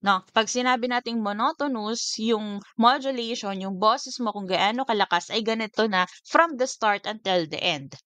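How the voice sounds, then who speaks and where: A woman's voice: fairly high pitch, normal speed, sharp tone, smooth, dry recording. A woman teacher with a Filipino accent giving a recorded lecture, switching between languages and checking in with "okay?" after most points.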